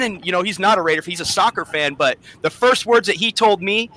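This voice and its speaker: Bright-voiced animated man telling stories. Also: high voice, fairly quick. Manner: animated storytelling, slangy, lots of "man" and "bro". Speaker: podcast co-host. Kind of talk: casual chat.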